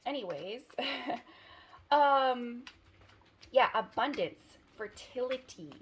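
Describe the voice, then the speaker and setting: Speaking extremely slowly in a slightly high, animated voice, a woman gives an easygoing tarot reading to the camera. She wanders off topic, giggles, and interrupts herself, while a faint hiss or hum sits under the audio.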